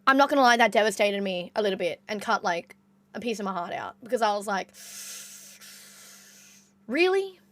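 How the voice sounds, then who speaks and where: A woman's voice: mid-range voice, quick pace, no echo. A young Australian woman streamer with an Australian accent, chatting casually with her viewers, reading chat aloud and swearing now and then.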